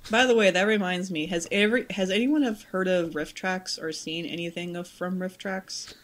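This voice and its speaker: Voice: mid-range voice, steady tone, moderate pace, a bit bright. A podcast host who chats casually and enthusiastically, enunciating every word. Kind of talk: casual chat.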